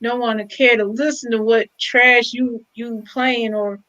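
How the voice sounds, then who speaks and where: A woman's voice: fairly high pitch, flat delivery, measured pace, pushed and bright, muffled recording. A woman co-hosting a casual hip hop album review, chatty and a bit hesitant.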